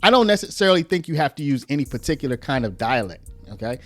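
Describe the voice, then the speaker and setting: A man's voice: mid-range voice, quick pace, dry recording, soft background music. A man hosting a casual commentary video, talking to viewers and acting out quoted speech in a raised voice. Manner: lively, conversational, uses "y'all", acts out quotes in raised voice.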